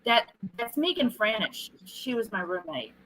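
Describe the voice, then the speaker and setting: A middle-aged woman, a film director being interviewed, telling stories in a casual, animated way and acting out what people said. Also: a little high, measured pace, low-quality recording. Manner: animated storyteller who acts out quoted lines.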